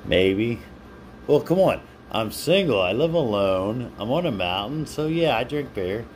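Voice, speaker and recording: A man's voice: mid-range voice, expressive, a little slow, a little hiss or hum. A man hosting a casual live stream, chatting with viewers by name and laughing often while he reads their comments. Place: home.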